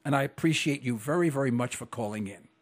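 A middle-aged man from New York hosting a call-in radio talk show, speaking formally, slowly and deliberately. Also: medium pitch.

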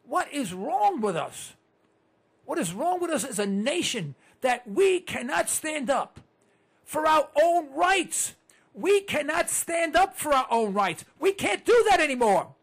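A man's voice: very high voice, very animated, a little slow, gravelly, a bit bright. An older man hosting a talk radio show, ranting and repeating himself as he hollers at listeners.

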